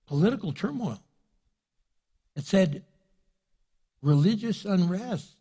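Male pastor, husky voice, animated sermon delivery, echoing church hall. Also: high-pitched. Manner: animated, with joking asides and rising fervor.

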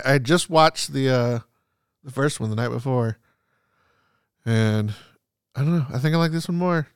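An excitable man gushing in casual podcast chat, with a rough, gravelly edge to his voice. He keeps saying "like" and acts out the scenes he describes. The sound is dry and close, with no room around it. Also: medium pitch, dry recording. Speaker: podcast co-host.

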